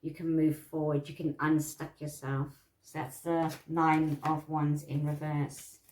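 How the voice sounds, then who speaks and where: A woman's voice: sits low, level tone, unhurried, slight background noise. Woman teaching tarot in an echoey room. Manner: warm, repetitive, reassuring, with frequent laughs. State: itchy eyes from allergies. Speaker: tarot teacher and psychic medium. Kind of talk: casual instructional talk.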